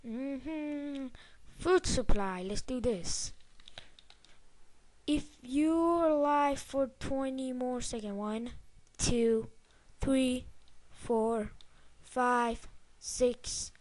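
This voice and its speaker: A young woman narrating her own gameplay in a high voice, drawling her words slowly. She gets excitable and swears freely, egging on her character and cursing at the game. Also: no room sound. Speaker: gameplay commentator. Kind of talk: casual let's-play commentary.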